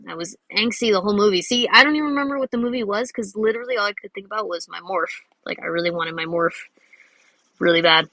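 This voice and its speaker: A woman's voice: mid-range voice, fast, sharp tone, dry recording, rough recording. A young woman telling a rambling personal story in a chatty way, with lots of fillers and restarts, while drawing. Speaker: drawing video host.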